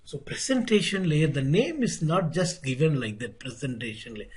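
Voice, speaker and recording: A man teaching networking in an online lecture. He speaks deliberately, repeats key phrases and asks rhetorical questions. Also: on the high side, expressive, husky, rough recording. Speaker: networking instructor.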